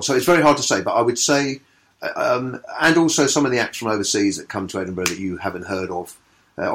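A man's voice: deep voice, a bit bright. A man who promotes comedy, talking in a casual interview in an enthusiastic, rambling, hesitant way.

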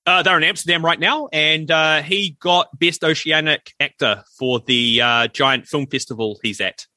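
A man's voice: a little high, moderate pace, pushed and bright, dry recording. A middle-aged man, co-hosting a casual podcast and telling stories animatedly, acting out the voices he quotes. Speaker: podcast co-host. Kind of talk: casual chat.

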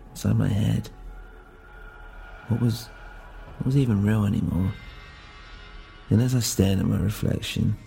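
Gravelly, deep-voiced male narrator. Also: warm tone. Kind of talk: first-person story narration.

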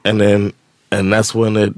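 A man with a fairly low voice tells a personal story on a podcast, casual and animated. He slips into the voices of the people in his story as he goes. The sound is dry and close, with no room around it. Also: a little slow, no room sound. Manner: animated storytelling, acts out quoted dialogue. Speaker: podcast co-host. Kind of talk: casual chat.

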